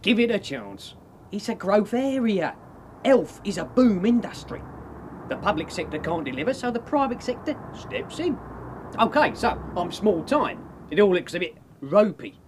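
A man's voice: sits high, sing-song, moderate pace, background noise. An actor playing a scheming small-time health entrepreneur, full of grand dreams and salesman's patter. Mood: wheedling.

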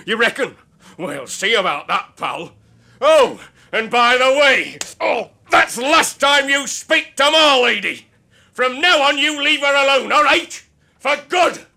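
High-voiced, jealous husband spoiling for a row; lively, bright delivery. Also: male voice, moderate pace, breathy edge, full character voice. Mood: angry. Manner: blustering, confrontational. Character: jealous man who uses a wheelchair, hot-tempered. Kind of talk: soap opera acting.

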